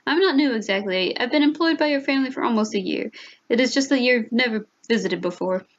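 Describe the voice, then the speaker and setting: A woman voicing a polite young maid who speaks brightly and courteously. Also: a little high, fast, highs cut off, natural voice.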